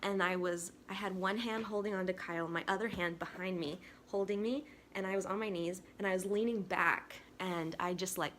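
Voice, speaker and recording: A young woman vlogger telling a personal story in a casual, chatty, excitable way. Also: medium pitch, moderate pace, hardly any pauses, slight background noise. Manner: excitable, chatty, talks with 'like' often.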